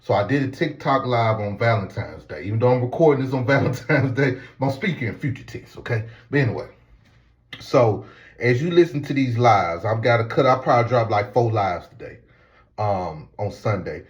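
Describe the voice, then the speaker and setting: Young male streamer, mid-pitched, casual, bossy moderator. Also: moderate pace, highs cut off. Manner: relaxed and rambling alone, loud and commanding when moderating. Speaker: live-stream host. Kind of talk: casual live-stream talk.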